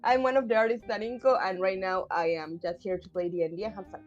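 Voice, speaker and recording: A woman's voice: medium pitch, fairly even intonation, fast talker, lo-fi sound, faint music behind. A woman artist joining the game, cheerful and giggly. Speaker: artist and player.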